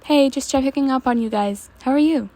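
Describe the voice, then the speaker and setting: A woman's voice: sits high, normal speed, warm tone, voice pushed up, natural voice. A woman reading the lines of a friendly young woman checking on a friend, in a chirpy way.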